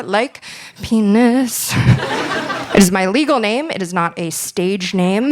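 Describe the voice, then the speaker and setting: A young woman performing a stand-up comedy set, telling a story playfully and breaking into sudden high squeals for effect.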